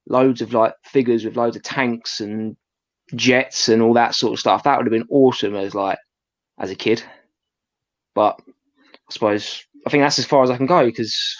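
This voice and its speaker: A man's voice: medium pitch, muffled recording. A man chatting as a guest, hesitant and full of fillers. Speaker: guest collector. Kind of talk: casual chat.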